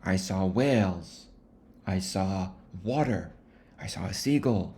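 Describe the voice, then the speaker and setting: A man's voice: low-pitched, lively intonation, slow, warm tone, a little hiss or hum. A man doing a portentous old whaler preacher. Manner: dramatic, portentous.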